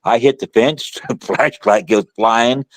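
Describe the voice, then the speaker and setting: A middle-aged man, a guest author, telling a story in casual conversation, animated and colloquial with frequent restarts. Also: mid-range voice, unhurried, no echo.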